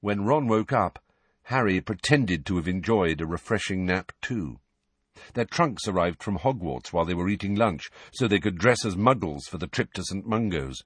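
Lively, husky-voiced male storyteller. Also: deep voice, normal speed, dry recording. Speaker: audiobook narrator. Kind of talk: scripted narration.

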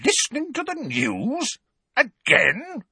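A man's voice: mid-range voice, sing-song, a little slow, a bit bright, slightly rough, no room sound, clean studio sound, pitched above the performer's own voice, exaggerated voice. A man reading aloud and voicing a blustering, bullying middle-aged uncle who snarls in a strained, raised voice.

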